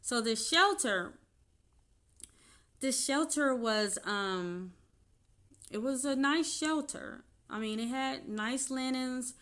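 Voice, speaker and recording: A woman's voice: high voice, lively intonation, slow, long pauses, a bit bright. A woman telling a personal story in an unscripted vlog, chatty and laughing often between her sentences. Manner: chatty, with many fillers and restarts. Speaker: vlogger.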